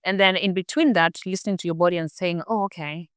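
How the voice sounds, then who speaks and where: A woman's voice: lowish voice, steady tone, quick pace, a bit bright, smooth, no echo, clean studio sound. A middle-aged woman, the guest expert in an interview, explaining health topics with everyday examples and acted-out inner thoughts. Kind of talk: conversational interview.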